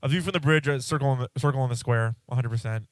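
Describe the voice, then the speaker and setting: Man, podcast host, congested, rambling casual chat, smooth voice, dry close sound. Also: mid-range voice, rapid-fire, no echo. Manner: rambling, self-interrupting, swears casually.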